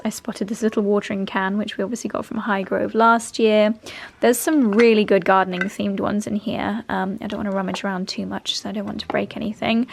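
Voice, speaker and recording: A woman's voice: mid-range voice, gravelly, a little mellow, slight background noise. A young woman chatting to camera at home, gushing and affectionate as she talks through her day. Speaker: lifestyle vlogger. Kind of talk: casual vlog narration to camera. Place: country home indoors and garden.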